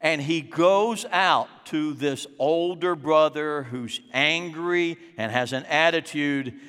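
A man preaching a sermon, dramatic and acting out scenes, slowing down for emphasis in a church hall. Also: a little high, a bit bright, clean tone.

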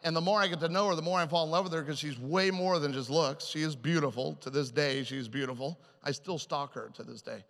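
Male preacher, comic storyteller, fairly high bright voice, hall echo. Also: gravelly. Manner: animated, self-mocking, quick shifts into quoted voices. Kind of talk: humorous sermon storytelling. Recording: hall reverb.

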